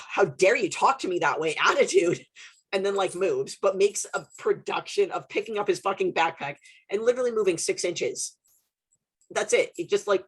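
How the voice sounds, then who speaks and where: A young adult woman from Canada hosting a podcast, telling stories in a casual, animated way, swearing and laughing often. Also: lowish voice, husky. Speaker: podcast host. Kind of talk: casual chat.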